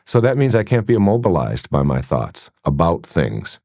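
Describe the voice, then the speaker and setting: A man's voice: low-pitched, sing-song, normal speed, a little mellow. Guy giving a motivational talk, voice jumps all over the place, storytelling, throws rhetorical questions at the crowd. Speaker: motivational speaker. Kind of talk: motivational lecture.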